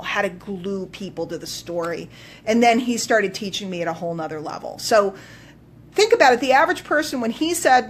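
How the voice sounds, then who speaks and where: A woman coach telling a story on a live stream, emphatic and animated, swinging between loud bursts and quiet asides. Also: mid-range voice, a little hiss or hum. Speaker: business coach.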